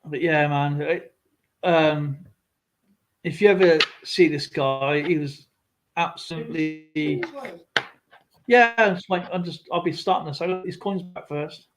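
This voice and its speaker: High-voiced man telling stories. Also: measured pace, long pauses, noisy background. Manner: rambling, laughs, acts out others' voices. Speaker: live stream host. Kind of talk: casual storytelling chat.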